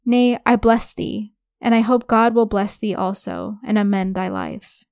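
A woman reading the lines of a gentle, forgiving elderly father in old-fashioned speech. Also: mid-range voice, wildly swooping pitch, measured pace, no echo, clean studio sound.

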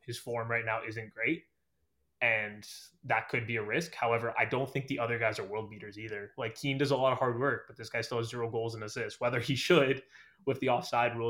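A man's voice: medium pitch, a bit bright. A man chatting casually as a podcast guest, hedging often with fillers and "I think". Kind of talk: casual chat.

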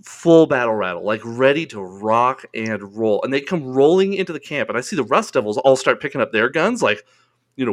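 A man's voice: mid-range voice, expressive, brisk. A man telling a story as a podcast guest, casual and full of laughs and swearing.

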